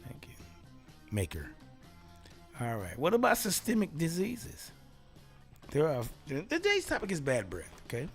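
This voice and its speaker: A male talk show host in a casual solo show, riffing playfully and laughing at his own jokes. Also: mid-range voice. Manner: playful, self-amused riffing.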